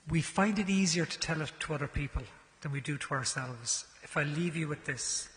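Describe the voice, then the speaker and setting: A man giving a parish mission talk, telling a story and swinging from hushed, slow lines to loud, raised ones. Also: a little high, long reverb tail, slight background noise. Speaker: guest speaker. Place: large church.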